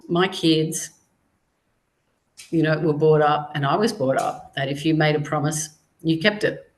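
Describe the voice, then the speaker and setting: A woman's voice: low-pitched, fairly even intonation, a bit bright, rough recording. Reflective middle-aged woman telling her story. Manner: measured, reflective storytelling with pauses. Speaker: guest, cancer survivor and author. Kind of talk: personal storytelling in an interview.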